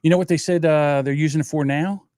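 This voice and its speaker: A man's voice: fairly high pitch, steady tone, quick pace, darkish tone, no room sound, clean studio sound. A man in his sixties hosting a livestream, telling rambling stories in casual chat and swearing freely. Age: 60s. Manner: profane, rambling storyteller. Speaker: livestream host.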